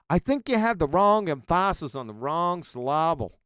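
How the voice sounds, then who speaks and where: Ranting, insulting man with a smooth voice. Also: a little high, very animated, moderate pace, a bit bright, no room sound, clean studio sound. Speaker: live stream host reacting to clips. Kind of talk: profane mocking commentary.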